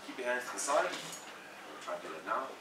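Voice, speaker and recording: A man giving a chatty, candid evaluation of a speech at a club meeting, with quick jokes. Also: mid-range voice, very animated. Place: meeting room. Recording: distant mic in an echoey room with room noise.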